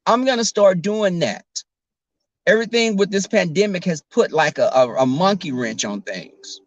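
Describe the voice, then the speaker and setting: A man's voice: high voice, animated, moderate pace, lo-fi sound. A man vlogging while driving, chatting sassily and directly to his viewers on a casual livestream. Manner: chatty, sassy, talks straight to viewers. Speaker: YouTuber.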